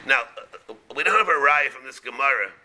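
Bright-voiced rabbi giving a Talmud class. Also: male voice, mid-range voice, animated. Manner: halting, repeats words, mixes Hebrew and Aramaic terms into English.

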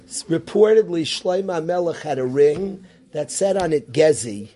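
Rebbe guy teaching torah, warm mellow voice, kinda high, asks lots of questions. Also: a little slow. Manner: animated, rhetorical questions, Yiddish-Hebrew terms. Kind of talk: Torah class.

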